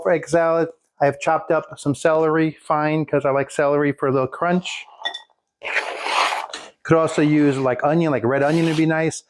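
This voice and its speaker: A man's voice: on the high side, a little mellow, a little hiss or hum. A man casually showing a recipe in his home kitchen, rambling with folksy jokes and asides. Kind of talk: casual cooking demonstration.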